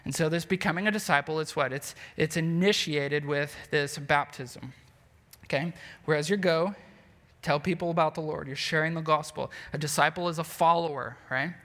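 A man's voice: a little high, fairly even intonation, moderate pace, fairly bright tone, long reverb tail. A man preaching a sermon with earnest emphasis, frequent rhetorical questions and filler words. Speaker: pastor.

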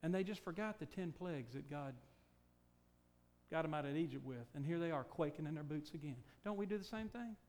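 A man preaching a sermon, emphatic and full of rhetorical questions, swinging from loud declarations to low, quiet points. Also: expressive, fairly quick.

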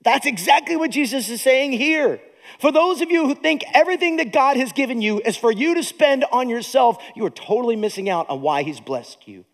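A man preaching a sermon as a pastor, animated, with dramatic pauses. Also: extremely high pitch, creaky, in a large hall.

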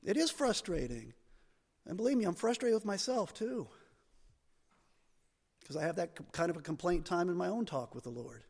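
High-voiced male pastor in a reverberant hall. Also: normal speed, pauses often. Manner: animated, rising to emphatic peaks. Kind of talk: sermon.

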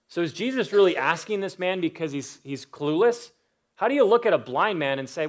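A man preaching a sermon, earnest, with pauses and rhetorical questions. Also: high-pitched, lively intonation.

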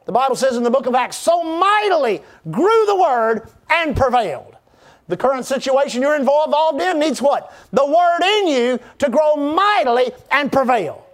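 A man's voice: extremely high pitch, sing-song, moderate pace. A man preaching a sermon as pastor, fervent and rousing, asking the congregation to respond.

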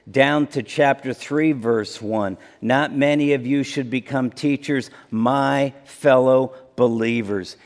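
A man preaching a sermon as pastor, deliberate and building to emphatic intensity. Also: mid-range voice, long reverb tail.

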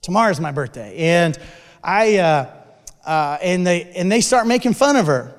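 A man telling a sermon story in an animated way, with frequent restarts. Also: high-pitched, measured pace, clear, resonant tone. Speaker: speaker. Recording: long hall reverb.

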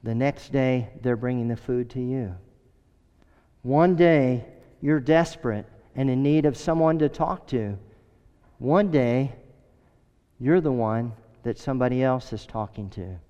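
A middle-aged man preaching a sermon with earnest, emphatic storytelling and a smooth, resonant voice. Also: medium pitch, unhurried, warm tone. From United States. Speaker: pastor. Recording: echoey hall, dull sound.

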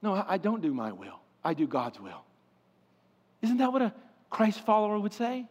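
A man preaching a sermon with passion, swinging from loud pleading to hushed, quiet stretches. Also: high-pitched, very animated, normal speed, long pauses, slightly rough. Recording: long hall reverb.

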